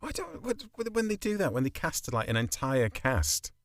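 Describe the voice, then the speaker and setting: A man's voice: on the high side, huge pitch swings, normal speed, dry recording, studio quality. A man co-hosting a writing podcast, chatting casually and teasing his co-host with questions. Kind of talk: casual chat.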